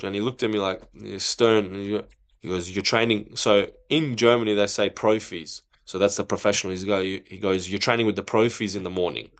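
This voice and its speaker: A man in casual podcast talk, telling an animated story and acting out the dialogue. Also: fairly low pitch, a little fast. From not from Europe. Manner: animated, acts out quoted dialogue. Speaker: podcast guest, former footballer.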